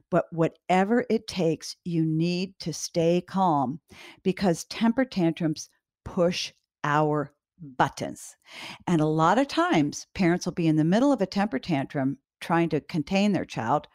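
Calm, direct woman advising parents. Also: deep voice, no echo, clean studio sound. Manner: calm, direct, repeats key advice. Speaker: parenting educator. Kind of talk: instructional talk to parents.

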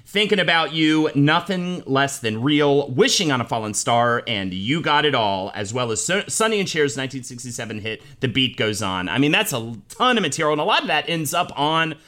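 A man's voice: medium pitch, brisk, few pauses. A man co-hosting a podcast, telling pop history in a jokey, casual way. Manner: lively, jokey storyteller. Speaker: podcast co-host. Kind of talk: casual comedic chat.

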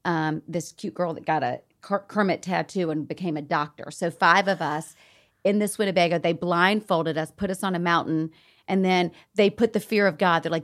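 A middle-aged Southern woman from Atlanta, a guest in a casual interview, tells stories at normal speed in a lowish voice. She's animated and laughs as she acts out quotes.

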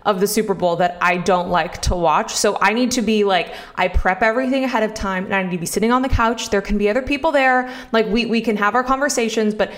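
A woman's voice: mid-range voice, quick pace, hardly any pauses, fairly bright tone. A woman co-hosting a sports talk show, chatty and enthusiastic, with plenty of fillers and teasing. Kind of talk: casual chat.

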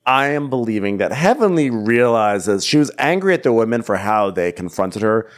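A man co-hosting a podcast, chatting casually and recapping a reality show, breaking into playful voices. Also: normal speed. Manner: animated, acts out squeaky impressions. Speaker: podcast co-host.

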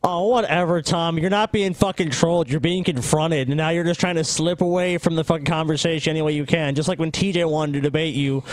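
A man's voice: on the high side, steady tone, fairly quick, hardly any pauses, no echo, rough recording. A man hosting a podcast, blunt and exasperated, ranting and swearing freely. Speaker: podcast host. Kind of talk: casual podcast commentary.

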